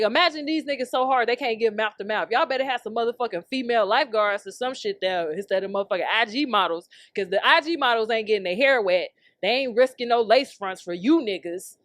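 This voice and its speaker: A woman's voice: mid-range voice, no room sound, studio quality. A young adult woman hosting a podcast, delivering a heated, profanity-packed comedic rant with frequent laughter. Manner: brash, heated, swears constantly, laughs often. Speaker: podcast host.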